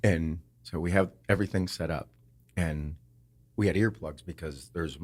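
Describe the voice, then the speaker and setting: Man, very low voice, husky, podcast host, animated storytelling, lots of swearing. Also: normal speed. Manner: animated, swears a lot, acts out quotes. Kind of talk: casual storytelling.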